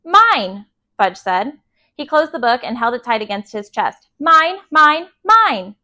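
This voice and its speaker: A woman's voice: a little high, sing-song, slow, pushed and bright, full character voice. A woman voicing a mischievous, stubborn toddler boy in a storybook read-aloud, with babyish, clipped words. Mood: possessive.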